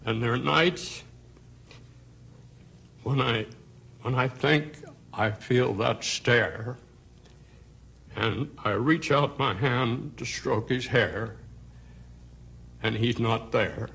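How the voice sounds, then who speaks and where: Slow husky gravelly guy reciting a sad poem, gentle and wistful. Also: medium pitch.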